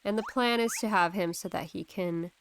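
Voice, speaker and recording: A woman's voice: fairly low pitch, normal speed, slight background noise. A woman hosting a casual let's-play, rambling and correcting herself as she talks. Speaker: gaming channel host. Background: game music.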